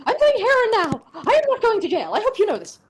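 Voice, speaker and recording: A woman voicing a panicky noble chicken lady in a tabletop game, rushed and stammering. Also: extremely high pitch, huge pitch swings, pitched above the performer's own voice, heavily acted. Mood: defensive. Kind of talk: tabletop role-play voicing.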